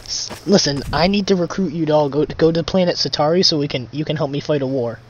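A man's voice: on the high side, fast, slight background noise. A man improvising game role-play as a recruiter, flustered and stammering, often exasperated. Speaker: roleplayer voicing a recruiter.

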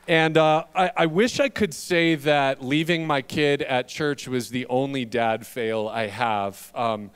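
A man's voice: mid-range voice, clean tone. A male pastor in his thirties preaching a sermon, telling self-deprecating stories about being a dad with humor. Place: church sanctuary.

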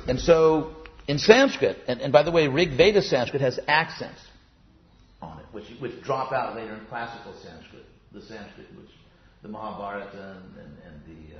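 Man, mid-pitched, loose rambling teacher, lots of fillers and restarts; classroom sound, slightly dull and echoey. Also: a little hiss or hum. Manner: chatty, digressive, many fillers and restarts. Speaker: yoga philosophy teacher. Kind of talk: casual classroom lecture.

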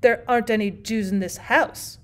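A woman reading aloud, voicing a flustered, pompous middle-aged gentleman who stammers in indignant outbursts. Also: on the high side, steady tone, normal speed, close to an everyday voice.

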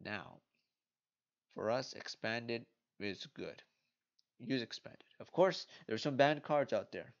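A man's voice: medium pitch, lively intonation, takes it slowly, vocal fry, pauses often. A sleepy man hosting a casual card game vlog late at night, rambling playfully and talking to himself as he browses. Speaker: card game video host. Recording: dull lo-fi recording.

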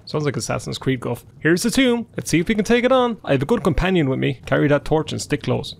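A man's voice: on the high side, sing-song, fast, vocal fry, faint music behind. A man giving joking, sarcastic gameplay commentary. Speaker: gaming YouTuber.

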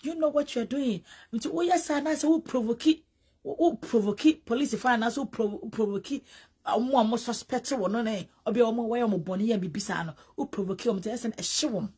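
A woman with a Ghanaian accent giving animated, casual gossip commentary, mixing English with Twi and often repeating words. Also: fairly high pitch, quick pace, husky. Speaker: entertainment vlogger.

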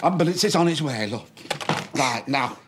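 An actor playing a gentle, lonely, very fat middle-aged man, soft-spoken and plain in a TV comedy-drama. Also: medium pitch, expressive, moderate pace, heavy background noise, natural voice. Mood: flustered. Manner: soft-spoken, plain, calls people love.

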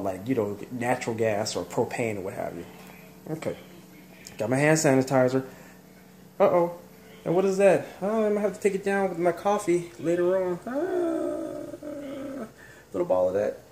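Southern man rambling over sizzling pan. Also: medium pitch. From Southern United States. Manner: rambling, joking, talks to kitchen things. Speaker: home cook vlogger. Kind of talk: casual cooking vlog. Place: home kitchen, indoors. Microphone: handheld phone camera. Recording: loud sizzling pan noise.

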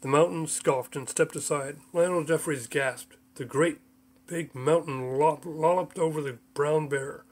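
A man's voice: on the high side, fairly even intonation, measured pace. Man reading his own audiobook. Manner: plain narration with mild, small voice shifts for quoted characters. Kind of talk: audiobook narration.

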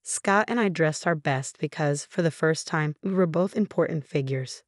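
A woman in her thirties giving a steady, even first-person story narration. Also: low voice, normal speed, no room sound, studio quality. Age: 30s.

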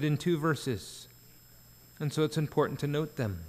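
A man's voice: fairly high pitch, expressive, measured pace, darkish tone. Preaching man in a reverberant church. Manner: earnest preaching with emphatic rises. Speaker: pastor. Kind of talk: sermon at a prayer meeting. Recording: church sanctuary with long reverb.

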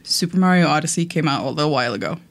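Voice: mid-range voice, animated, rapid-fire. Chatty podcast host reading gaming news. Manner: chatty, swears casually, many ums. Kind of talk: casual podcast chat.

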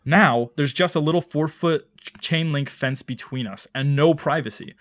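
A man's voice: fairly high pitch, normal speed, fairly bright tone. Joking young man reading listener questions. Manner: jokey, reads listener letters, profane. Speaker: podcast co-host. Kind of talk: casual comedic advice podcast.

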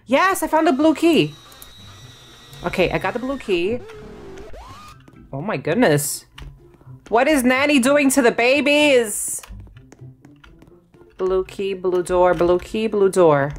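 A woman hosting a gaming channel, giving excitable play-by-play commentary to herself with sudden shrieks. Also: medium pitch, unhurried, long pauses, soft background music. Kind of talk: live gameplay commentary.

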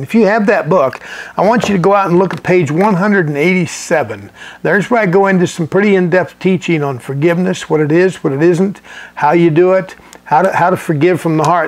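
A man's voice: high-pitched, a little hiss or hum. A middle-aged male pastor teaching a sermon in a folksy, conversational way, chuckling and restarting his sentences.

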